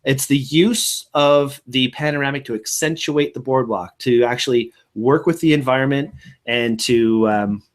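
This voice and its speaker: A man hosting a live online photo show in casual, upbeat, encouraging chat, quick to laugh. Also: medium pitch.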